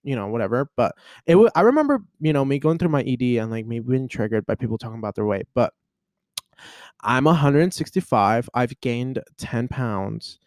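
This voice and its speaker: On his casual solo podcast, a young man in his twenties rambles and vents, peppering his speech with "like" and "you know." His intonation is lively and his speed normal, with sudden pitch jumps when the emotion spikes. Studio-quality audio, no room sound.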